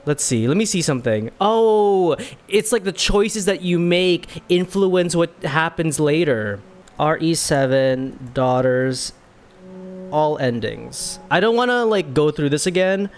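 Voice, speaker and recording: Male streamer, emotional reaction commentary, high voice, slow delivery. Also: lively intonation, a little hiss or hum. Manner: emotional, exclaiming, laughing. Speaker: gaming streamer. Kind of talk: first-playthrough reaction commentary. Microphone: webcam setup.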